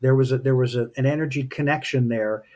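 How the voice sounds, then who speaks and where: A man's voice: mid-range voice, steady tone, fast talker, a little mellow. A man speaking as a spiritual teacher in casual, reflective talk, telling personal stories in a thoughtful way. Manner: thoughtful, anecdotal storytelling.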